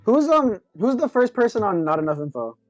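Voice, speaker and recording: Brief: male co-host, slightly high voice, easygoing explainer, faint music underneath. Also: a little fast, no echo, dull audio. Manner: relaxed, explains with lots of "like". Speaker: stream co-host. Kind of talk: casual group chat on a stream.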